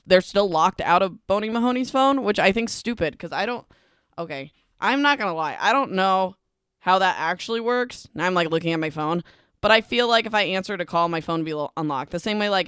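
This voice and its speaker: A woman's voice: on the low side, a bit bright, clean tone, dry recording, clean studio sound. A young woman hosting a book podcast, chatting casually through a chapter recap with lots of fillers and wry asides.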